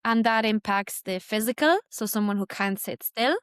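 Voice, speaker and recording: A woman's voice: medium pitch, normal speed, a bit bright, clean tone, no room sound, studio quality. A woman podcast host with a Spanish accent, asking questions in a curious, conversational way. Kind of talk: podcast interview.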